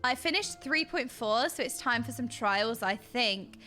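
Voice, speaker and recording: A British woman streaming and chatting casually with her viewers, bubbly and excitable, with a slightly dry throat, talking into a desk mic. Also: a little high, measured pace, few pauses, faint music behind. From Britain. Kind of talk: casual chat with live stream chat.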